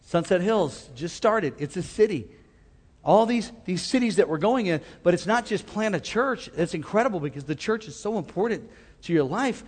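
A man's voice: high voice, expressive, normal speed, slightly rough. A man preaching a sermon, mixing call-and-response cries with casual asides. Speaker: pastor. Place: church sanctuary. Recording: long hall reverb.

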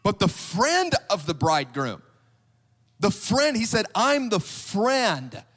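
A man's voice: high-pitched, big pitch swings, slow pace, a bit bright. A man preaching a sermon, retelling scripture in a casual, storytelling way that acts out the quoted reactions. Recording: long hall reverb.

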